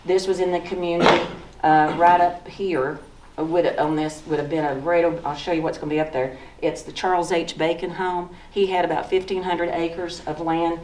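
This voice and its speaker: Low-voiced Southern woman in her sixties. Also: little pitch movement, moderate pace, hardly any pauses, a little mellow, slight background noise. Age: 60s. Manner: folksy, storytelling, pointing at photos. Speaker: author giving a talk. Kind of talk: slideshow talk with personal memories. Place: museum lecture room. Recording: echoey room from far off.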